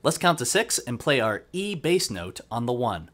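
A man's voice: medium pitch, very animated, moderate pace, background noise. A man teaching accordion who explains methodically and counts beats aloud. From United States. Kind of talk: instructional music lesson. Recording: accordion playing throughout.

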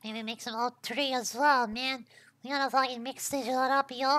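A woman's voice: sits high, fairly even intonation, normal speed, a bit bright, dry recording. A woman streamer giving casual game commentary, thinking aloud as she tries things, swearing freely and tacking "yo" onto her lines.

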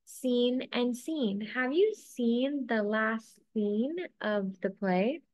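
Slow, careful woman teaching. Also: on the high side, darkish tone. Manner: slow, careful, enunciated drills. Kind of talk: scripted lesson narration.

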